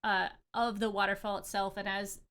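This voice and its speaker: A woman acting as game master, narrating a tabletop game with many pauses and fillers. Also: mid-range voice, level tone, fairly bright tone, clear, resonant tone. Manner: hesitant, many fillers and restarts.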